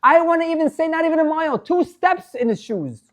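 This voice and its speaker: A man's voice: very high-pitched, animated, brisk. A male rabbi giving a religious class, earnest and emphatic, stretching words for stress.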